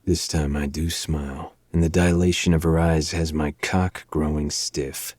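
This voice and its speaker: A man with a very deep voice reads a novel aloud in a low, measured first-person narration. The recording is dry and close, with no room sound around him. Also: flat delivery, darkish tone, slightly rough, no echo. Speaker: podcast host. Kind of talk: audiobook-style narration of a dark romance novel.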